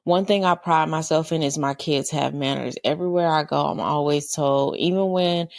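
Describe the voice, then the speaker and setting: A woman's voice: sits low, steady tone, normal speed, creaky, dry recording, clean studio sound. A middle-aged woman, hosting a podcast in a casual monologue, candid and full of rhetorical questions. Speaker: podcast host.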